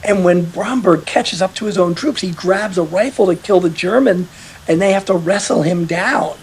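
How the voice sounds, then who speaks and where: A man telling a veteran's story in a casual podcast conversation, animated and quick to quote others. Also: high voice, a little hiss or hum. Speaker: author interviewed about his article.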